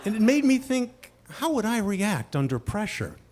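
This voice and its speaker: A male storyteller with a notably high voice performs a comic personal tale. He is animated and self-mocking. He drops to near-whispers and then rises to shouted punchlines. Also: normal speed, a little hiss or hum.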